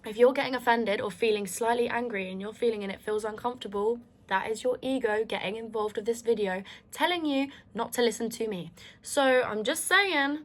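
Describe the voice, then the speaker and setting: A woman's voice: a little high, fairly quick. A woman talking straight to her viewers in a candid, heartfelt monologue. She is emphatic and reflective, swears freely and often restarts her sentences. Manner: earnest and reflective, with frequent restarts. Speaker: vlogger.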